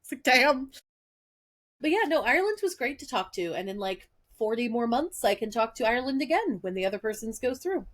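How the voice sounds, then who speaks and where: Lively young woman telling stories. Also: on the high side, brisk. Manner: lively, acts out quoted dialogue. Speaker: podcast co-host. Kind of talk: casual chat, animated storytelling.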